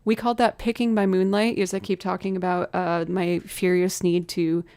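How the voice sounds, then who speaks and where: A woman's voice: fairly low pitch, flat delivery, normal speed, darkish tone. A young woman musician chatting casually on a livestream, thinking aloud and poking fun at herself while she has bronchitis.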